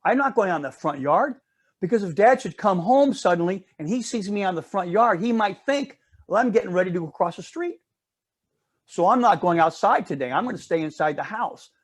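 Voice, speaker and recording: A man's voice: high-pitched, lively intonation, fairly quick, pitched above the performer's own voice. A man voicing an anxious, rule-bound little girl who frets and talks herself into more and more rules. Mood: fretting.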